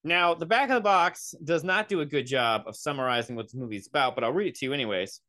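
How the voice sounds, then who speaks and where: A man's voice: on the high side, animated, fast, hardly any pauses, pushed and bright, dry recording. A young man hosting a podcast, ranting in a sarcastic, profane, rambling way into a close mic. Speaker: podcast host. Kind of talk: comedic solo rant.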